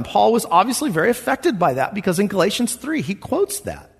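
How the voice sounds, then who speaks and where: A man's voice: high voice, sing-song, brisk, creaky, breathy edge, big-room sound. A man preaching a sermon as pastor, earnest and conversational, acting out quoted voices as he goes.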